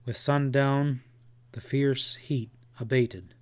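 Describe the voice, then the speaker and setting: A man narrating a western novel as an audiobook, reading in a slow, measured way. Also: medium pitch, steady tone, darkish tone. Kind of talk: scripted narration.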